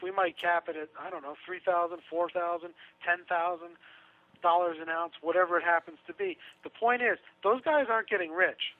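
A man's voice: high-pitched, steady tone, brisk. A man talking casually on a radio show, chatty and sarcastic, laughing through his own asides. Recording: tinny phone line.

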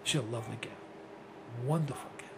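A man's voice: mid-range voice, quick pace, gravelly, noisy background. A man in his sixties hosting a rambling, blunt talk radio monologue. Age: 60s. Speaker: host.

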